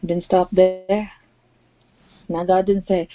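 A woman's voice: on the low side, little pitch movement, slow, pauses often, no echo. Woman preaching emphatically, dull dry recording. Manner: emphatic preaching with repeated phrases. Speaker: pastor. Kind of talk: sermon.

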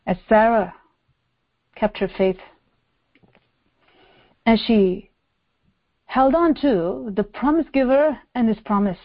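High-voiced woman preaching emphatically. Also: lively intonation, slow, long pauses, highs cut off. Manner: emphatic, repeats phrases and asks rhetorical questions. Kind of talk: sermon.

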